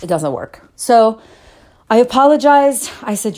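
A woman's voice: on the high side, very animated, a little slow, darkish tone. A woman hosting a solo podcast, telling a personal story in an earnest, emotional, confessional way and repeating herself for emphasis. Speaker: podcast host.

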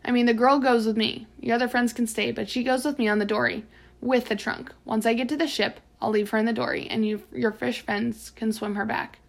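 A woman voicing a threatening male pirate villain in an audiobook reading, with a gravelly edge. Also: on the high side, fairly even intonation, brisk. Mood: menacing. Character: menacing grown male pirate villain, cold and bargaining.

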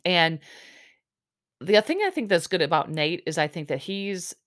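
A woman's voice: fairly low pitch, lively intonation, unhurried, a bit bright, dry recording, studio quality. A woman casually recapping a reality TV episode in a chatty, opinionated way, full of "like" and "um". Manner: chatty, filler-heavy, with frequent "like" and "um"; opinionated storytelling.

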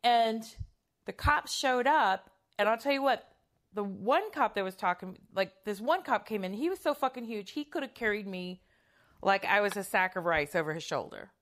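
A woman's voice: medium pitch, expressive, normal speed, a bit bright. A middle-aged woman telling a personal story in a casual, candid way, swearing freely and acting out quoted lines.

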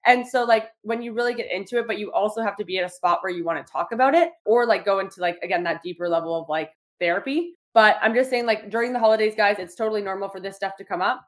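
A woman's voice: medium pitch, quick pace, hardly any pauses. A woman hosting a solo podcast, talking casually with many "like" fillers and acting out little quoted exchanges. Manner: chatty, lots of "like" fillers, acts out quotes. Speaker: podcast host.

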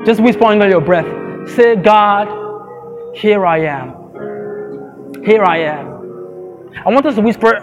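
A male pastor leading a church in prayer and an altar call, moving from slow, prayerful phrases to fervent declarations. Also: high-pitched. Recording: church with live music behind. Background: music.

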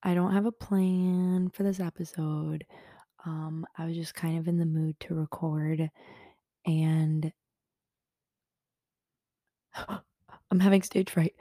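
Young woman, solo podcast host at home in bed; low, mellow, unhurried, rambling and self-mocking, often half-whispered. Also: no echo, studio quality. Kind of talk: casual solo podcast chat. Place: bedroom at home.

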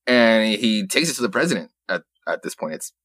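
A man's voice: on the low side, big pitch swings, fairly quick, a bit bright, dry recording. A young man co-hosting a podcast, recapping a comic book in a rambling, profane way, laughing often and quoting characters in passing. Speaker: podcast co-host.

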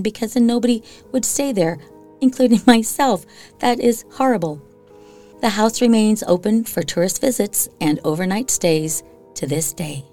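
A woman from Iowa, USA, hosts a podcast where she reads spooky stories in a chatty way, dropping in casual asides. Her voice has a medium pitch and a dark tone.

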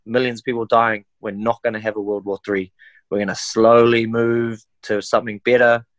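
A young man with a New Zealand accent, a fighter talking in a casual podcast interview, animated and slangy. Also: fairly low pitch, brisk, no echo. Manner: animated, slangy, says "bro" and "eh". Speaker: MMA fighter guest.

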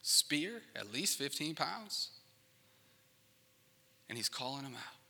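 Male pastor, casual conversational preacher with joking asides, very bright tone, long hall reverb. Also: medium pitch, big pitch swings, slow, creaky. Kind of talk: sermon.

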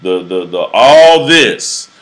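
A man who preaches, telling his own story in a halting, earnest way, repeating words as he searches for them. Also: medium pitch, very animated, a bit bright. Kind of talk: personal testimony in a casual interview.

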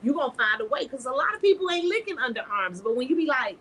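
A woman's voice: sits high, big pitch swings, quick pace, a bit bright, a little hiss or hum, low-quality recording. A woman hosting a podcast, talking frankly and bawdily in casual chat, telling stories with laughter. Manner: frank, bawdy, laughing storyteller. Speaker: podcast host.

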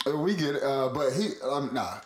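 A man spins a rambling story in casual chat, laughing and cursing as he goes. His pitch swings widely and expressively. The voice carries a noticeable room echo. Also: moderate pace. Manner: rambling, laughing, profane, animated.

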